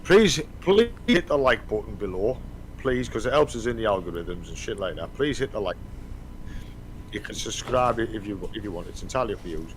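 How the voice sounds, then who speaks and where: A man's voice: lowish voice, very animated, brisk, a little hiss or hum, rough recording. Rambling man, casual swearing. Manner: rambling, swears often, trails off. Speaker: podcast host. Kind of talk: casual chat.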